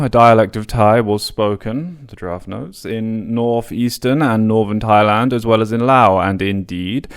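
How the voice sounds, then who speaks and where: Low-voiced man reading history aloud. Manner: reads long quotes with casual spoken asides; occasional stumbles and restarts on words. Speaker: podcast host.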